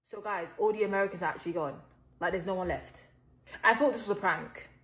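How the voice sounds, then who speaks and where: A woman's voice: medium pitch, quick pace, roomy sound, heavy background noise. A woman talking in a chatty, incredulous way in a casual vlog. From Britain. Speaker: content creator.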